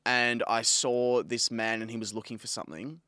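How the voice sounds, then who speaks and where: A man's voice: mid-range voice, fairly even intonation, normal speed, sharp tone, no room sound, studio quality. A young Australian man co-hosting a podcast, telling stories in casual chat full of slang and fillers. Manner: laid-back storytelling with slang and fillers. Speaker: podcast co-host.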